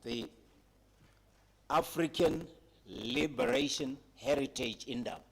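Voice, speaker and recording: Slow, husky man giving a speech. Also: on the high side, huge pitch swings. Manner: dramatic retelling with emphatic pauses, addressing young people. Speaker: speaker at a heritage conference. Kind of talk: public speech, storytelling.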